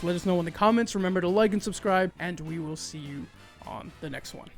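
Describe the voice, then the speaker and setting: A man's voice: high voice, fairly quick, faint music behind. A man hosting a video, casually gushing about games with enthusiasm and happy whoops. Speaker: video host. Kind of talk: casual game review monologue.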